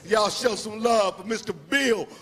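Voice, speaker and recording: A male emcee at a comedy club, loudly hyping up the audience and introducing the next act. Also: high-pitched, measured pace. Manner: loud, hype, rallying the audience. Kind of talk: hyping up a live crowd. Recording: roaring crowd, loud club noise. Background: cheering crowd.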